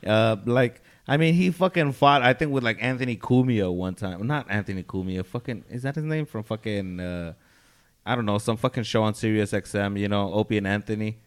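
A man's voice: fairly low pitch, fairly quick. A man chatting on a podcast, rambling and profane, with lots of "like" and filler. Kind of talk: casual chat.

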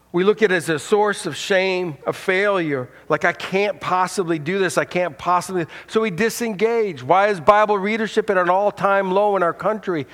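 A man's voice: sits high, a bit bright. Earnest male pastor preaching in a hall. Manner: earnest, repeats words when starting phrases. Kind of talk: sermon. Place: church hall. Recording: reverberant hall.

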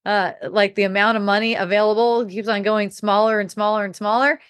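A woman's voice: medium pitch, steady tone, a little fast, a bit bright, dry recording, clean studio sound. A middle-aged woman hosting a casual spiritual talk, candid and rambling, laughing often and swearing freely. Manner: rambling with restarts. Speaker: podcast host.

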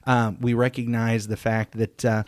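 A man's voice: medium pitch, little pitch movement, normal speed, dry recording, clean studio sound. Earnest man reading and discussing scripture. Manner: earnest, restarts and self-corrections while discussing. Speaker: podcast co-host.

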